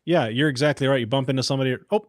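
A man's voice: medium pitch, steady tone, racing, no echo. A man chatting easily on a podcast, laughing now and then as he explains things at length. The sound is dry and close to the mic. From Iron Range, northern Minnesota. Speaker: podcast co-host. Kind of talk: casual chat.

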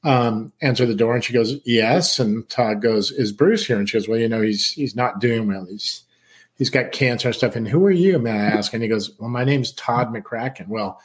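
A man's voice: mid-range voice, moderate pace. A middle-aged man from San Diego telling a long personal story in casual chat, acting out other people's lines and swearing casually. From San Diego, California.

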